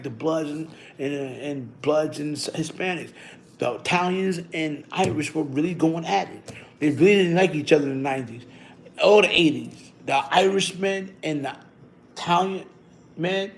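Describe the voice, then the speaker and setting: A middle-aged man with a slightly high-pitched voice hosts a casual livestream. He talks in a loose, slangy way and tells rambling stories. He keeps breaking into long rounds of shout-outs. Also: a little hiss or hum. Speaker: livestream host.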